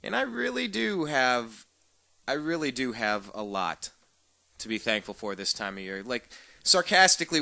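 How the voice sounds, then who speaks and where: A male political talk show host with a bright, bouncy voice that swings up and down. He jokes around and leans on sarcasm. The sound is dry and close, with no room echo. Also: medium pitch, very animated, moderate pace, vocal fry. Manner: upbeat, joking, sarcastic.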